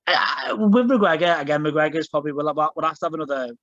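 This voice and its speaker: A man's voice: fairly high pitch, lively intonation, fast, fairly bright tone, no echo. A man co-hosting a podcast in casual chat, rambling with many fillers and restarts. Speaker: podcast co-host. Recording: dull lo-fi podcast audio.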